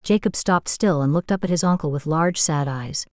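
A woman reading an audiobook in a steady, measured way as scripted narration. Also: low voice, no echo, clean studio sound.

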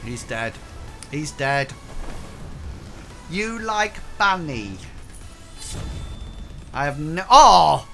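Woman, game streamer, excitable and emotional, unhurried speech, bright voice. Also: low-pitched, soft background music. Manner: excitable, exclaims often, gets emotional. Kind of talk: live charity gameplay stream.

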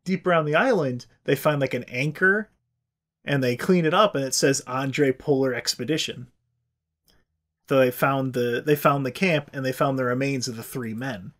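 Podcast dude swearing his way thru a story, casual and loose, middle pitch. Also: normal speed, fairly bright tone. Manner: profane, loose and chatty, acts out quotes. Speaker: podcast host.

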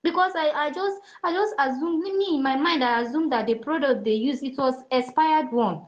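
Brief: high-pitched Nigerian woman, heated opinion rant, hammers each point home. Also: moderate pace, lo-fi sound. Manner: heated, emphatic, repetitive. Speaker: speaker in an online audio chat.

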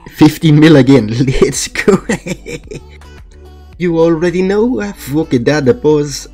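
A man giving casual, excitable gameplay commentary, swearing often and complaining about his luck. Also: fairly high pitch, takes it slowly. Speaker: gaming channel host. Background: faint background music.

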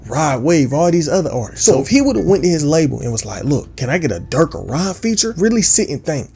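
A man's voice: mid-range voice, warm tone, breathy edge. A young man narrating a commentary video in a casual, slangy storytelling way. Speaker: YouTube commentary host.

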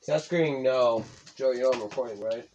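A man's voice: medium pitch, a little fast, lo-fi sound, background noise. Blunt, swearing young man gaming. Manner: blunt, swears, yells when startled. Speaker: let's play host. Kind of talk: casual gaming commentary.

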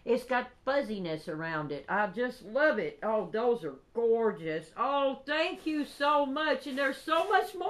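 A woman with a drawl gushes over craft gifts in a casual vlog. Her voice sits a bit high and she talks slowly, stretching out her excited exclamations. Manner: gushing, excitable, drawn-out exclamations. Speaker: crafting vlogger. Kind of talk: casual unboxing chat.

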